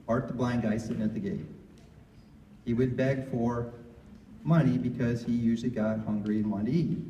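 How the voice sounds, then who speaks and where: A man speaking as a guest financial advisor, giving an animated motivational talk to students and peppering them with questions. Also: medium pitch, slight background noise. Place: room at a campus ministry gathering. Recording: echoey room, from far off, dull.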